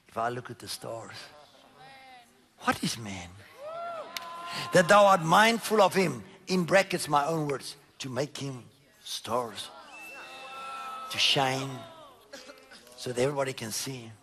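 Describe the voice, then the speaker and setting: Gravelly preacher man, emphatic. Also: unhurried, pauses often, noisy background. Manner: emphatic, swings between loud declarations and low murmurs; reads scripture aloud and comments on it. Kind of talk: sermon.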